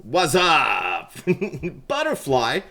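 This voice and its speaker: A man's voice: medium pitch, huge pitch swings, extremely slow, vocal fry, sharp tone, slight background noise. A man chatting casually on a game livestream, laughing often, greeting viewers by name, wired on coffee, with keyboard clicks behind. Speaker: livestream gamer.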